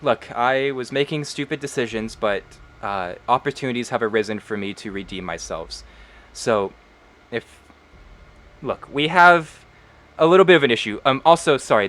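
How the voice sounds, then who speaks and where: A man's voice: medium pitch, expressive, a little slow, a bit bright, slight background noise. A man voicing a sheepish, apologetic woman adventurer who speaks hesitantly with many fillers. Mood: earnest.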